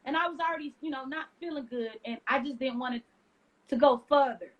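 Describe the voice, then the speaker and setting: A woman from the United States, an interview guest, telling her story in an animated way and acting out what others said. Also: high voice, a little fast, a crowd in the background, poor audio. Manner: lively retelling with acted-out quotes.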